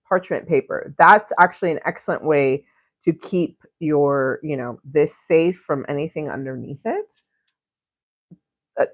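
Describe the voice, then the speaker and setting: A young woman in a loose, rambling livestream chat, her voice sitting low for a woman. She giggles and swears her way from topic to topic while painting. The sound is dry and a little dull, with no room around it. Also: dry recording. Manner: rambling, giggly and crude, jumps between topics. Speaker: art livestream host.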